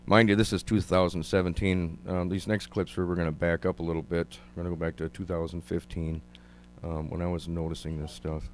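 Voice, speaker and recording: A man's voice: low-pitched, a little hiss or hum. A man in an interview, talking hesitantly with many ums while narrating his own video clips.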